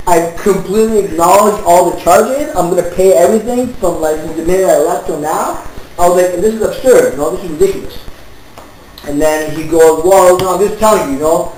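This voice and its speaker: A man casually telling an anecdote to friends, swearing and acting out both sides of an argument. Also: high-pitched. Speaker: storyteller among friends. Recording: very echoey room with faint ambient noise.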